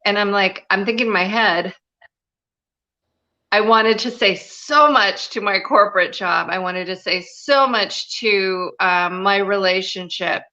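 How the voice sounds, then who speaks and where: A woman's voice: mid-range voice, unhurried, sharp tone, highs cut off. A woman guest telling a personal story in a live interview, earnest and confiding, with many "you know" fillers. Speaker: guest, spiritual and business mentor.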